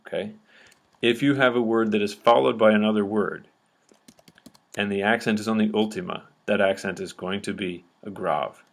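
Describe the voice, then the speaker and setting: A man with a somewhat low voice walks through a lesson at a patient pace. He explains each step and keeps checking that his listeners are following along. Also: fairly even intonation, normal speed, gravelly. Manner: patient, checks understanding often with "okay?". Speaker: teacher. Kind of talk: explanatory lecture at a board.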